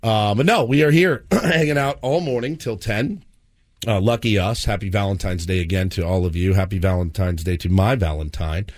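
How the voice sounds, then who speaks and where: On a radio morning show he co-hosts, a man in his thirties recounts a story with lots of acted-out voices. His delivery is animated, on the low side, and moderately paced.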